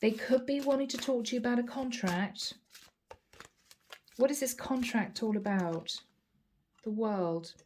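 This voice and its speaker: Mellow-voiced woman giving a calm tarot reading. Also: a little high, a little slow, pauses often, a little hiss or hum. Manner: calm, reassuring, repeats key phrases; addresses the listener directly by sign. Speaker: tarot reader.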